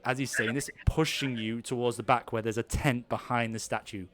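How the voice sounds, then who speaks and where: Medium in pitch and level in tone, this man talks briskly with hardly any pauses, his voice a touch bright. Narrating an improvised tabletop game as game master, he rambles, restarting often and filling gaps with filler words.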